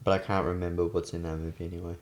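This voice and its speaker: Give me a laid-back young man co-hosting a casual chat, low voice, hesitant. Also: little pitch movement, rapid-fire. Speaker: co-host.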